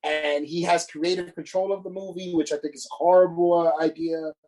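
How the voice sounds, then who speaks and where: A man's voice: fairly high pitch, steady tone, brisk, a little mellow, faint music behind, low-quality recording. A man co-hosting a casual podcast, ranting with frequent swearing and restarts. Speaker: podcast co-host.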